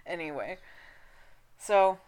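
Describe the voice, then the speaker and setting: A woman co-hosting a casual podcast chat, giggly and laughing often, audibly high. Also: lively intonation, slow pace, darkish tone, smooth. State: high on cannabis. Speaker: podcast co-host.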